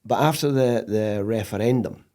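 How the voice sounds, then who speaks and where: A middle-aged man with a Scottish accent, a podcast guest telling stories in casual interview chat, animated and laughing often. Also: fairly low pitch, normal speed.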